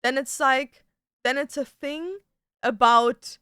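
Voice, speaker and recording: A young woman chatting on a home livestream, telling a long, exasperated story with plenty of likes and curse words. Her voice sits high and sounds smooth and clean. The room is dry, with almost no echo. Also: animated, moderate pace, fairly bright tone. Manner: ranting storytelling with frequent likes and swearing. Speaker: streamer. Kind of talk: casual livestream chat.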